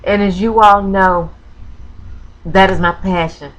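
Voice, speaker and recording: A woman's voice: medium pitch, fairly even intonation, slow, dull audio. A woman vlogger telling a personal story, hesitant and full of ums and self-corrections, close to tears as she talks. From Florida. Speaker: crafting vlogger.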